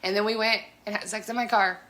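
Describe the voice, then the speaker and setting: A woman in her twenties from New Mexico, co-hosting a podcast and telling stories in an animated, profane way. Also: medium pitch, fast. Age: 20s. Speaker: podcast co-host. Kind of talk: casual chat.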